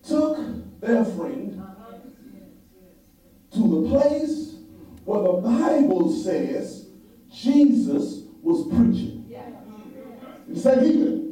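A man's voice: very high voice, warm tone. A man preaching a sermon as pastor, with call-and-response rhythm, repeated phrases, frequent "huh?" and half-sung lines. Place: church sanctuary. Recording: very echoey church from far off, faint music.

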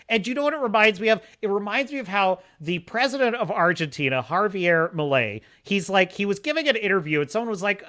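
A man's voice: high voice, sharp tone. A man hosting a livestream, giving opinionated, emphatic commentary and often repeating himself for stress. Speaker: host of a streaming show.

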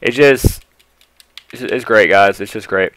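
Bright-voiced young Southern man gushing. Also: lowish voice, unhurried, no echo, rough recording. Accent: Southern US country. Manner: gushing, swings between hushed awe and loud excitement. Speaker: YouTuber. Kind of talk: excited unboxing vlog.

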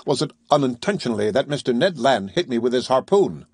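A composed, commanding ship's captain speaks in measured, penetrating tones, as a male audiobook reader voices him. The voice is slightly husky and sits at an ordinary middle pitch. The recording is dry and close. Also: expressive, darkish tone, no room sound. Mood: accusing. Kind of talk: audiobook reading.

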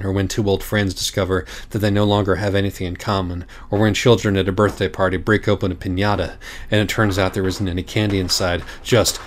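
Man, low voice, comic dramatic reading, wry, theatrical. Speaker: reader of a parody storybook.

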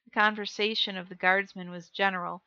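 Bright-voiced woman reading a novel aloud. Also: medium pitch, level tone, fairly quick, dry recording, dull audio. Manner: reads dialogue expressively, joking asides between passages. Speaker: reader of a novel. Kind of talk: live-streamed audiobook reading.

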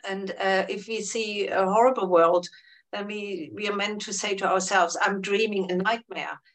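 A woman, a Buddhist therapist and teacher, answering interview questions in a calm, explanatory way, sometimes dropping very soft. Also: mid-range voice, moderate pace, distant mic, low-quality recording.

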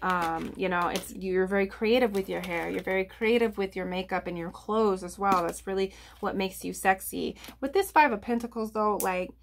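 A woman doing a casual pick-a-card tarot reading. She rambles through her impressions, full of "like" and "you know," restarting her sentences as she goes. Her voice sits at an ordinary middle pitch. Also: moderate pace, few pauses, a little hiss or hum. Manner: rambling, lots of fillers and restarts. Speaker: tarot reader.

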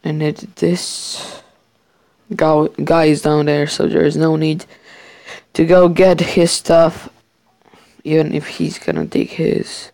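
Man gamer, casual play commentary, gravelly and unhurried, jokey bragging and frequent swearing, dry close sound. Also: on the high side, no echo. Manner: excitable, swears, jokingly boasts. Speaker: gamer playing a survival match. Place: his bedroom.

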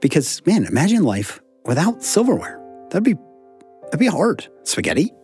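A man's voice: on the high side, moderate pace, soft background music. A middle-aged man, an author and professor guest, chatting animatedly and acting out quoted thoughts. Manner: animated, acts out quoted thoughts in shifting voices. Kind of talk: casual chat.

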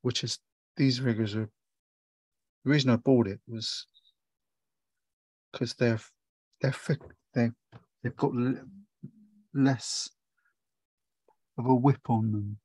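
Brief: male art tutor, older, chatty painting demo, husky, dry close sound. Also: mid-range voice, steady tone, slow, long pauses, a little mellow, no echo, rough recording. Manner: rambling, chatty, thinks aloud while painting. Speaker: watercolour tutor. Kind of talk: casual painting demonstration.

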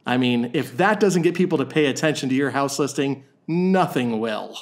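A man's voice: mid-range voice, lively intonation, moderate pace. A man hosting a podcast, telling a story in casual comedic chat with a wry, joking manner. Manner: wry storyteller, laughs often. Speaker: podcast host.

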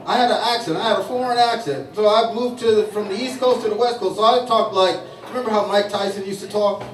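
A man's voice: high voice, quick pace. A man doing a stand-up routine in a saloon, telling rambling stories full of restarts and fillers. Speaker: stand-up comedian. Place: saloon stage with an audience. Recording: distant, echoey bar recording with crowd. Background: audience laughing.

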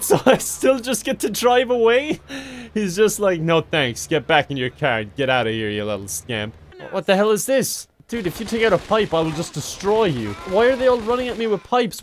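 A man's voice: very high voice, expressive, moderate pace. A man doing gameplay commentary in a sarcastic, joking way, often laughing. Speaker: gaming commentator.

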